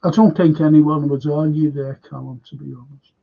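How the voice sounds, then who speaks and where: Reading out viewers' comments on a live fan stream, an older man replies in a casual, talkative way. The dull lo-fi audio carries his gravelly, slightly high voice, steady in tone at an ordinary speed.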